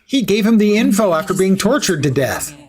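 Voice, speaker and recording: A man's voice: high voice, very animated, brisk, a little mellow. A sleepy man streaming a game, rambling with wry, sarcastic asides and yawning often. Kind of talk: casual commentary while gaming.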